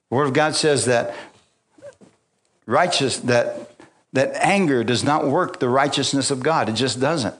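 A man preaching a sermon, mixing scripture with personal stories, frequent hallelujahs and call-outs to the congregation, and chuckling often. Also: medium pitch. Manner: swings between loud exclamations and quiet asides. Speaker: pastor.

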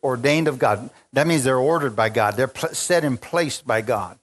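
A man's voice: medium pitch, normal speed. A man preaching an unplanned sermon to a large congregation, fervent and call-and-response, reading scripture and rising to exclamations. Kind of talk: spontaneous sermon.

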